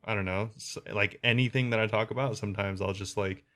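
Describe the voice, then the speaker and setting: A man's voice: fairly low pitch, fairly even intonation, quick pace, pushed and bright. A young man co-hosting a casual podcast, talking in a forward, direct, confident way with frequent restarts. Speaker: podcast co-host. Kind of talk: casual chat.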